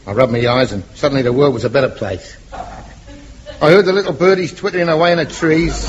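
In a 1950s radio comedy, an actor plays a bashful, lovesick man gushing sentimentally in a mock-lyrical way. His voice is fairly high and lightly acted. The dull old broadcast carries background noise and a live audience.

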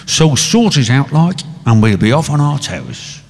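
A man voicing an excitable Irish man, with a put-on Irish accent, talking in a high, drawn-out way. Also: gravelly, full character voice. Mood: scheming. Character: chatty Irish man abroad, excitable schemer. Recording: long hall reverb.

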